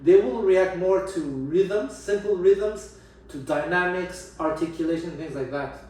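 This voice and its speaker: A man's voice: sits high, a little slow, a little mellow, slight background noise. A man, a jazz guitar teacher and host, talking casually and emphatically about playing for an audience, often restarting sentences. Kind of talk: casual talk on music teaching. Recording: roomy echo, distant mic, faint ambience.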